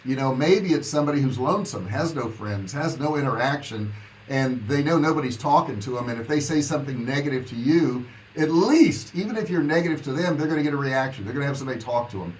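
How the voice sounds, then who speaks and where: A man's voice: mid-range voice, expressive, quick pace, a little hiss or hum, low-quality recording. A man coaching online sellers in a casual live question-and-answer talk, folksy and repeating points for emphasis.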